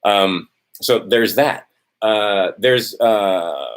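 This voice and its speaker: Speaking slowly in a lowish voice, a vlogger gives a testy, heated rant to camera, swearing often. He keeps inserting "right?" and loses his place in his notes.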